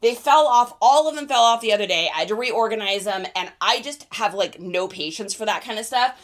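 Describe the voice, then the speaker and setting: A young adult woman hosting a casual livestream, chatty and excitable, laughing often. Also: medium pitch, fairly quick. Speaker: reseller livestream host.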